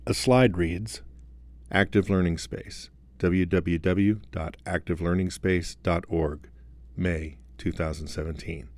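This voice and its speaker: A man reading out a slide description as the audio describer, in a plain, even way. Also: sits low, slow, no echo.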